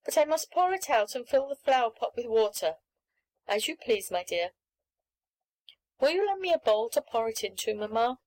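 A woman's voice: fairly high pitch, big pitch swings, normal speed, a little mellow, rough recording. A woman voicing an eager, pleading little girl in a storybook reading, with a raised, earnest voice.

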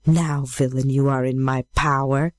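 A woman's voice: rumbling low, level tone, unhurried, no echo, voice pushed down. A woman voicing a scorned young witch maiden, stern and accusing, in a storybook reading.

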